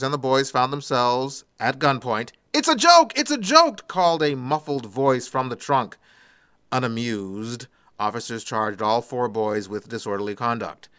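Male radio host, bright and crisp, dry studio sound, reads odd news with sarcastic asides. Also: medium pitch, no room sound. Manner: sarcastic asides after each story. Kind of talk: reading odd news with commentary.

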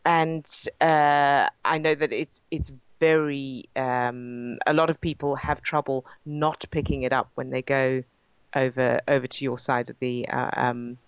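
An English actress with a received pronunciation accent, speaking as a guest in an interview, hesitant with many ums and restarts. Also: female voice, a bass voice, fairly even intonation, a little slow, clear, resonant tone, no room sound, lo-fi sound. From England. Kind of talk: interview over a line.

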